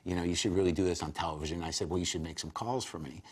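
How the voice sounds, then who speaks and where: Low-voiced man telling a lively story. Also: racing, breathy edge. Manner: animated anecdote teller with many quoted voices. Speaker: interview guest, comedian. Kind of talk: storytelling in a talk show interview.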